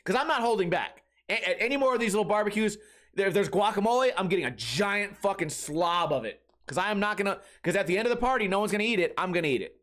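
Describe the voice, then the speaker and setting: A man hosting a comedy podcast, telling rambling, profane stories in a casual, animated way. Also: sits high, fast. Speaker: podcast host.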